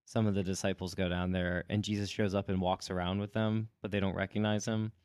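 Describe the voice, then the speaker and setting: A man casually retelling a story in a rambling, animated way, slipping into quick voiced asides. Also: low voice, smooth, no room sound.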